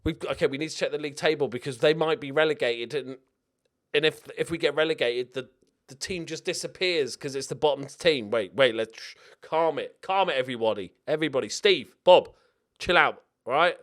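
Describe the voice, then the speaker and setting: A young man giving excitable, jokey let's-play commentary with frequent swearing while talking to himself. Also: medium pitch, brisk. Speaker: video game streamer.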